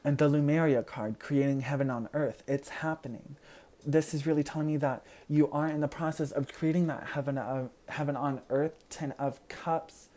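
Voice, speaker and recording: A tarot reader speaks at a moderate pace in a dark, medium-pitched voice with fairly level intonation, delivering an earnest pick-a-card reading straight to the viewer. It's reassuring in spirit and full of "you know" fillers, and the reader laughs whenever they fumble a word.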